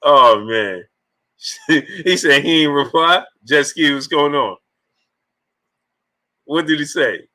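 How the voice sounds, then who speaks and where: A man's voice: on the high side, takes it slowly, pauses often, bright, forceful tone. A man hosting a sports live stream, reading viewer messages aloud, laughing often until he is in tears. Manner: laughs often, emotional, slangy. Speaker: sports channel host. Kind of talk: live-stream chat, reading super chats.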